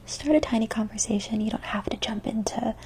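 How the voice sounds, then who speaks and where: A woman doing a whispered ASMR Q&A, answering viewer questions softly and reflectively, drifting between whisper and a quiet spoken voice. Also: fairly high pitch, slight background noise. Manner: soft, gentle whisper that keeps slipping into a quiet spoken voice; unhurried and reflective, with frequent "um" and "like".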